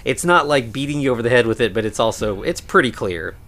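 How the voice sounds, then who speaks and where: A man's voice: mid-range voice, animated, fast, a bit bright. A man co-hosting a podcast, talking through a film in a casual, rambling way with many fillers and restarts. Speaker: podcast co-host.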